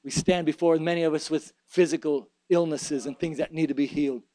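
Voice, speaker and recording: A man's voice: a little high, fairly even intonation, a little fast, dark tone, no room sound, low-quality recording. A man preaching a sermon and leading an altar prayer, fervent and emphatic, with repeated phrases.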